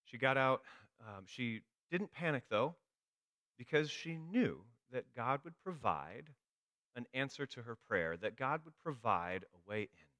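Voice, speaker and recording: A man's voice: medium pitch, expressive, measured pace, fairly bright tone, no room sound. A man giving a sermon, telling a story with dry humor. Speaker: preacher.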